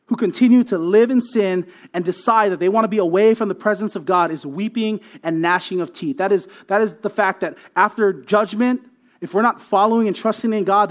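A man preaching a sermon as a pastor, emphatic and repeating words, often checking in with "right?". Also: high-pitched. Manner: emphatic, tags many points with "right?"; repeats words while building a point.

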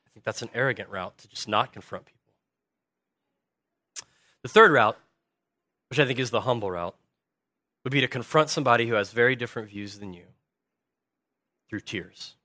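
Bright animated preacher man, dry sound. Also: mid-range voice, normal speed, long pauses, no echo. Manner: animated, swings from hushed to loud emphatic bursts. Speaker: pastor. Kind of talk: sermon.

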